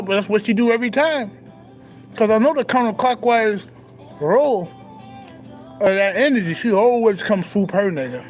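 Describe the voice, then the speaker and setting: A man's voice: high voice, low-quality recording. A young man, talking casually and profanely with swagger, laughing often. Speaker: spiritual talk host. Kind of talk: casual spiritual monologue.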